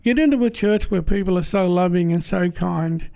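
An Australian man giving a personal church testimony in a plain-spoken, halting, earnest way. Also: high voice, vocal fry, mellow.

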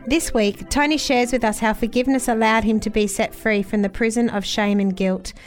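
A woman hosts a radio program and reads a scripted introduction in a measured, gentle way. Soft music plays faintly behind her. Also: fairly high pitch, steady tone.

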